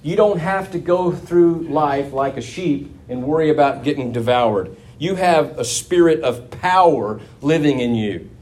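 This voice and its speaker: A man's voice: a little high, measured pace, few pauses, a little mellow. A man preaching a sermon to his congregation in a conversational, folksy manner, with asides to the listeners.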